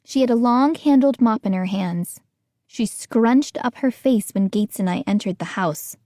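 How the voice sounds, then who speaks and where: A woman narrating an audiobook in a measured, storytelling manner. Her voice sits fairly high and moves slowly. The recording is close and dry. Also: mellow, no echo.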